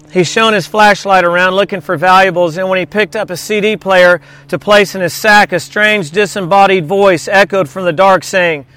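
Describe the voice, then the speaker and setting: A man's voice: high-pitched, a bit bright, clear, resonant tone, no room sound. A man preaching a sermon in a conversational, storytelling way, mixing humor into scripture reading. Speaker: pastor.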